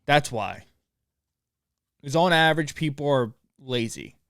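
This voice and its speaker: A man's voice: fairly high pitch, animated, measured pace, gravelly, a bit bright, clear, resonant tone, no room sound, studio quality. A young man hosting a solo podcast from home, giving a profane, pumped-up motivational rant. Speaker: podcast host. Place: home room, dog barking nearby.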